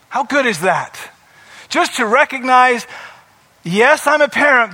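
A middle-aged man preaching a sermon in a high, bright voice. He is earnest and asks his listeners rhetorical questions. He leans on repeated phrases to drive each point home. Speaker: pastor.

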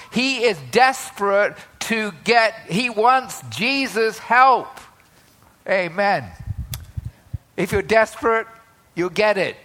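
Bright, high-voiced man preaching a sermon. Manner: conversational, with many filler asides and tag questions.

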